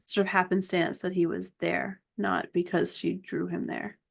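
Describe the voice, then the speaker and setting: A woman's voice: fairly low pitch, level tone, normal speed, creaky. A woman co-hosting a casual fan podcast, laid-back and agreeable, often chiming in with short replies. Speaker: podcast co-host. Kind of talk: casual chat.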